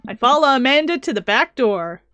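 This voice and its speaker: A woman's voice: sits high, lively intonation, fairly quick, bright, forceful tone, faint music behind. A woman hosting a gaming video, reading a dating game's narration aloud with bubbly, emotional reactions.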